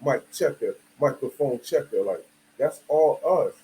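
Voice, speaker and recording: A man's voice: mid-range voice, lively intonation, a little slow, mellow, slight background noise, poor audio. A man from the United States giving a casual, emphatic monologue full of slang and "you feel me" asides. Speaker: video commentator.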